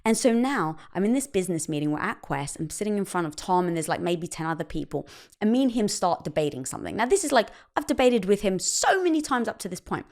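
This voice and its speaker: A woman speaking as a podcast guest in casual conversation, telling personal stories with animated, acted-out dialogue. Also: medium pitch, fast talker. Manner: animated storytelling, acts out quoted dialogue.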